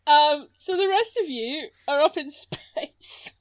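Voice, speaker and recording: A woman's voice: sits high, lively intonation, slow pace. A woman narrating a tabletop superhero game as game master, playful and teasing, often breaking into laughter.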